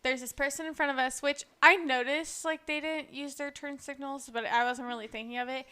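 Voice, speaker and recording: A woman's voice: high-pitched, steady tone, fairly quick, bright, forceful tone. A young woman co-hosting a casual podcast, telling rambling anecdotes full of "like". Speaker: podcast co-host. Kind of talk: casual chat, storytelling.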